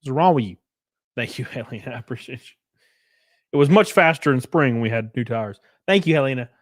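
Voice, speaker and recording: A man's voice: medium pitch, brisk, no echo. Chatty man on a live stream, dry close sound. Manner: loose, chatty, mumbles and hums while reading. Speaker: streamer reading donations. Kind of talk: casual live-stream chat.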